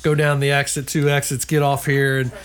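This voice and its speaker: A man's voice: medium pitch, a little fast. An older man with grandchildren telling a travel story in a casual chat, acting out the voices of the people in it. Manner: animated storyteller acting out quoted dialogue.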